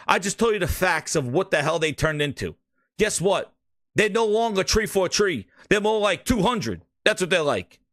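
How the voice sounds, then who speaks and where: A man's voice: sits high, fairly bright tone, no echo, studio quality. A man hosting a gaming podcast, ranting profanely and mocking, stumbling and repeating words when riled up. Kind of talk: ranting casual commentary.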